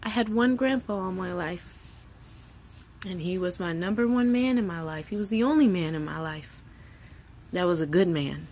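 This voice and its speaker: Candid swearing mom rambling emotionally. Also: female voice, on the low side, moderate pace, a little mellow, slight background noise. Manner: candid, emotional, swears freely, acts out quoted voices. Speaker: mother of three. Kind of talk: casual vlog monologue.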